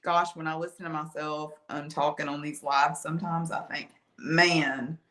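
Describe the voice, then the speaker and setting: Woman, Alabama accent, chatty painting teacher, lowish pitch, bright voice, slight cough. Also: flat delivery, normal speed. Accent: Alabama Southern US. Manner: chatty, folksy, talks to live viewers while painting. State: lingering cough after being ill. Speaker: art instructor. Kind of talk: live painting tutorial.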